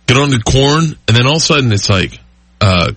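A man guesting on a podcast, telling rambling, excitable stories with frequent laughter in casual chat. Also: medium pitch, a little fast, breathy edge, no room sound. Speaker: comedian guest.

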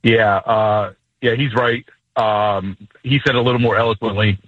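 A man calling in to a radio show over a phone line, with a thin, narrow sound. His voice is fairly low and recorded dry. He explains how he handles patients in a steady, matter-of-fact manner. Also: a little slow, no room sound. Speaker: caller, EMT. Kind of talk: phone-in conversation.

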